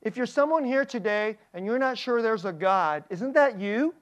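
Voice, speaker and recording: Pastor preaching, animated and chuckling, lots of questions to the congregation, mid-range voice. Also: medium pitch, normal speed, highs cut off. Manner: animated, laughs often between phrases; asks the audience many questions. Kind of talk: sermon.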